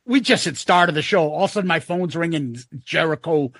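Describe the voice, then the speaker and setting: Excitable male podcast host, high bright voice, dry close sound. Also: fairly quick, few pauses, no echo. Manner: excitable, acts out quoted people. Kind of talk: casual podcast chat.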